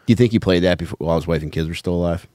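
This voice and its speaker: A man with a very low voice who talks quickly, tossing in short, dry quips as a podcast co-host. He sounds close to the mic, with no room in the sound. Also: dark tone, no echo. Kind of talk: casual podcast banter.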